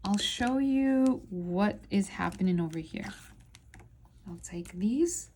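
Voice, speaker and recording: A woman teaching beginners to read, speaking at a very slow, deliberate pace. Her voice is dark and mellow. She breaks each word into syllables and says them over and over. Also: mid-range voice, a little hiss or hum. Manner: sounds out syllables slowly and repeats words. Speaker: Arabic teacher. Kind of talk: slow step-by-step reading lesson.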